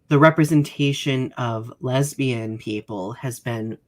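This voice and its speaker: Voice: mid-range voice, a bit bright. A podcast co-host in a casual panel discussion, thinking aloud and hedging while searching for words.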